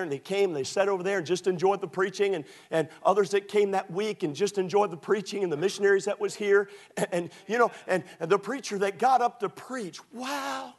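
High-voiced pastor preaching a sermon. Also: male voice. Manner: builds from low storytelling to shouted exhortation.

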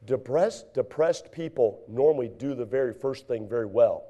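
A man preaching a sermon, acting out voices and swinging from loud, drawn-out scripture reading to hushed asides. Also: mid-range voice, expressive. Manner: reads scripture in slow drawn-out tones.

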